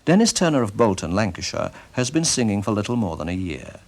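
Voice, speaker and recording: A man presenting a radio programme in measured, critical scripted narration. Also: fairly low pitch, big pitch swings.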